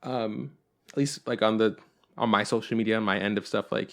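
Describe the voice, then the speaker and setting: Rambling, profane young podcast host. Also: male voice, on the low side, fairly even intonation, a little fast, gravelly, a bit bright. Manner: rambling and profane, with frequent fillers. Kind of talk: casual chat.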